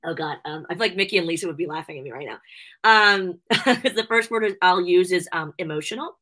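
A woman's voice: lowish voice, animated, quick pace, sharp tone, low-quality recording. A woman chatting as an interview guest, telling emotional stories in an effusive way with lots of fillers. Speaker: guest, wrestling personality and convention host. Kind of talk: casual interview chat.

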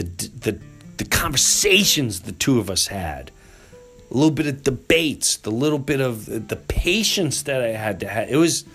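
A man in the middle of his speaking range tells a personal story as a podcast host, earnest and animated. He drops into little voices for the people he quotes. Faint music sits under him. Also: medium pitch.

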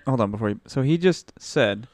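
A man's voice: mid-range voice, expressive, brisk, darkish tone, no echo. A male podcast host making crude, mocking jokes with plenty of swearing. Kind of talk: comedic podcast banter.

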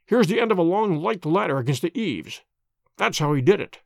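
Crisp bossy detective, a man reading him, lively voice, dry close sound. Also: high-pitched, fairly quick, no echo, exaggerated voice. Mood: commanding. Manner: crisp, decisive. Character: sharp, commanding male detective.

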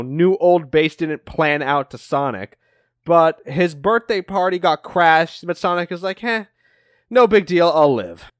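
A man co-hosting a podcast, recapping comic issues in an animated, casual way with plenty of swearing. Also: a little high, no room sound, studio quality. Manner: animated storytelling with frequent swearing. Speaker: podcast co-host.

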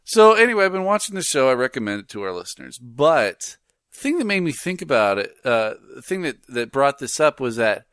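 Animated man chatting on a podcast. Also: mid-range voice, fairly quick, smooth, no room sound, studio quality. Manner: animated, laughs often, does silly voices in stories. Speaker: podcast co-host. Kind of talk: casual chat.

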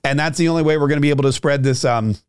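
A man's voice: on the high side, racing, smooth, no room sound, clean studio sound. A man hosting his own political podcast, rambling with joking, self-mocking asides and frequent restarts. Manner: restarts and trails off often. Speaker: podcast host.

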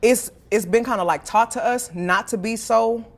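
Woman guest, Southern US accent, a bit high-pitched, playful, giggly, confident. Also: normal speed. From Houston, Texas. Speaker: guest rapper. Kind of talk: casual interview chat.

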